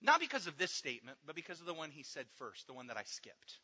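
A man preaching a sermon, swinging between loud emphatic lines and hushed ones. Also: a little high, very animated, fast, breathy edge. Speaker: pastor. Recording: dull echoey hall.

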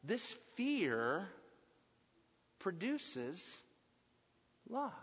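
High-voiced male preacher, emphatic, swings from loud to hushed, big echoey church, muffled lo-fi sound. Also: very animated, extremely slow, breathy edge. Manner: emphatic, builds to loud passionate peaks and drops to hushed tones. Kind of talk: sermon. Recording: dull lo-fi sound with long hall reverb.

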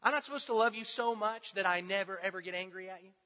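A man preaching a teaching sermon, emphatic, swinging between loud stressed words and hushed asides. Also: high voice, quick pace. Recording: dull sound with long hall reverb.

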